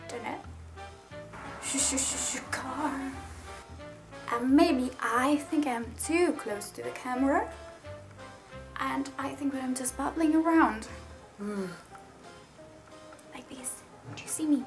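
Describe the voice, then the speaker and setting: High-voiced rambling woman vlogger. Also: measured pace, faint music behind. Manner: rambling, chatty and self-deprecating. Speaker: YouTuber. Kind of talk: casual vlog to camera.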